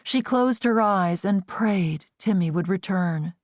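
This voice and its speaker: A woman narrating an audiobook in an expressive, varied read. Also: medium pitch, takes it slowly, no room sound, clean studio sound.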